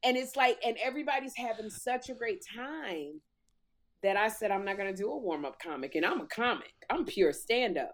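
A woman comic telling a story in lively chat, acting out quotes in a loud voice. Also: fairly high pitch, normal speed. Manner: animated, acts out quotes loudly. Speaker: talk show host and comic, guest.

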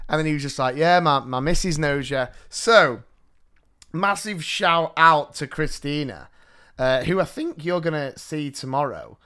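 A man, co-hosting a podcast and telling stories in a casual, animated way. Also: on the high side, a little slow, smooth. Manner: animated storytelling with laughs. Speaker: podcast co-host. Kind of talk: casual chat.

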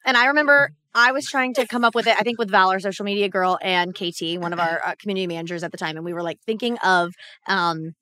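A woman's voice: medium pitch, fast, sharp tone. A woman co-hosting a podcast, telling stories in a chatty, gossipy way. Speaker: podcast co-host. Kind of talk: casual chat.

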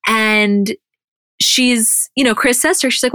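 A young adult woman co-hosting a podcast, retelling scenes in an animated, casual way and swearing freely. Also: fairly high pitch, a little slow, clean tone, no echo, clean studio sound. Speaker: podcast co-host. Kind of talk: casual recap chat.

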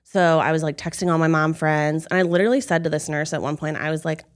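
A young adult woman in casual podcast chat, recounting events with lively acted-out quotes. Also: deep voice, fast. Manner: animated storyteller, acts out quotes loudly. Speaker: podcast co-host telling her birth story.

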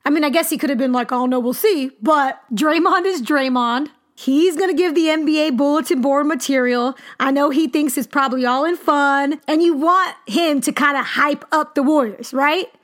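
Woman hosting a sports show, high bright voice, super animated and emphatic. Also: normal speed, hardly any pauses. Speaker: sports podcast host. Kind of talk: casual sports commentary.

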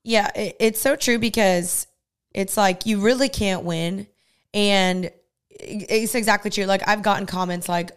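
Young female podcast co-host, earnest, smooth resonant tone. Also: mid-range voice, a little slow. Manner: earnest, talks through her faith with quoted asides. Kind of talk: casual podcast chat.

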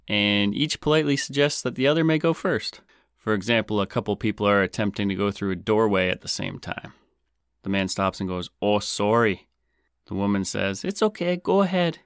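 Canadian male podcast host, lowish voice, dry close sound, jokey banter. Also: a bit bright, smooth, no echo. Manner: joking, self-mocking banter. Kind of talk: comedic podcast monologue.

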